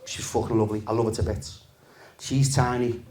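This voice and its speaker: A man, doing a stand-up comedy set in a relaxed, deadpan, sweary storytelling manner to a live audience. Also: mid-range voice, brisk. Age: 50s.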